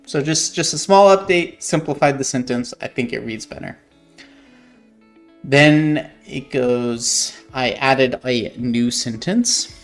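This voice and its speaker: A man's voice: medium pitch, gravelly. A man, an author, reading passages from his own novel aloud and explaining his edits in a thoughtful, hesitant way, often correcting himself.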